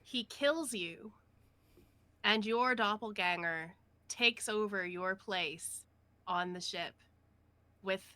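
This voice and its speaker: Woman game master narrating a tabletop scene, bright, lively. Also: mid-range voice, slow, pauses often, no room sound. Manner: lively, descriptive.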